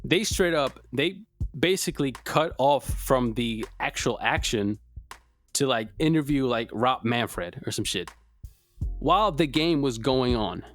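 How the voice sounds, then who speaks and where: A man on a casual sports podcast who rants hard and swears freely. His voice sits at an ordinary middle pitch. Faint music plays underneath. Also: expressive, measured pace, fairly bright tone. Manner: profane, ranting, heated. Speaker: podcast co-host. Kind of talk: casual chat.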